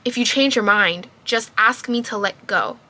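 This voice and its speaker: A woman reading the lines of an earnest adult male romance lead, a little lower and softer than her own voice. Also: normal speed.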